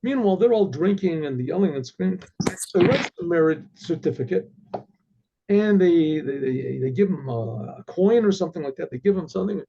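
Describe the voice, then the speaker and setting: A man's voice: on the high side, lively intonation, normal speed, gravelly, warm tone, a little hiss or hum. A male rabbi telling a story in a conversational way, often repeating words as he goes. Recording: dull lo-fi recording.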